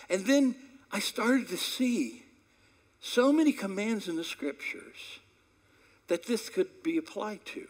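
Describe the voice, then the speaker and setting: A male pastor delivers a sermon slowly in a somewhat high voice, with lively intonation that rises and falls a lot. He talks in a conversational storytelling way, then jumps to loud peaks or drops to hushed asides.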